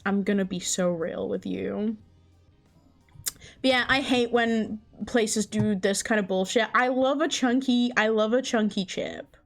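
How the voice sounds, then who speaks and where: A woman's voice: medium pitch, unhurried, vocal fry, faint music behind. A woman livestreamer chatting casually, incredulous and chatty, swearing often. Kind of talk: casual stream chat.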